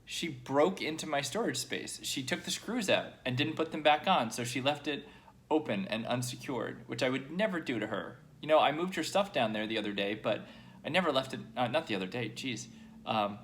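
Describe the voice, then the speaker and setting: A young man recording a personal video diary, halting and emotional, choked up at times and pausing often with fillers. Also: medium pitch, animated, fairly bright tone, a little hiss or hum. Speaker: vlogger.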